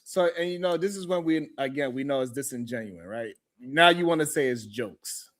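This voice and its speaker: A man's voice: mid-range voice, animated, moderate pace, fairly bright tone. A man hosting a heated panel debate, blunt and incredulous, often breaking into laughter. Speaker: host.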